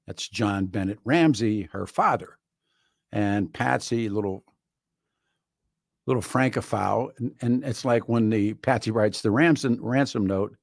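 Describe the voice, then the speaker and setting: A man's voice: on the low side, vocal fry, no room sound. A man hosting a talk radio show in a studio, delivering a rambling, wry monologue full of restarts. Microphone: studio microphone.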